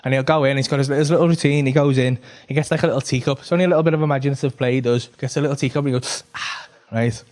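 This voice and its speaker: A man's voice: mid-range voice, fairly even intonation, racing, few pauses, a little mellow. A man doing stand-up, telling a rambling, sweary story and checking in with "right?" every few lines. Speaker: stand-up comedian. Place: comedy club stage.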